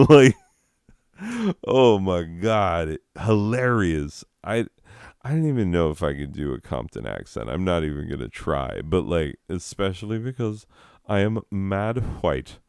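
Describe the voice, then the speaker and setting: A man with a low, smooth voice tells a loose, meandering story in unhurried podcast chat. He swears freely and chuckles between thoughts. The sound is close and dry. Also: animated, darkish tone, no room sound. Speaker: comedy podcast host. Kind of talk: rambling casual storytelling.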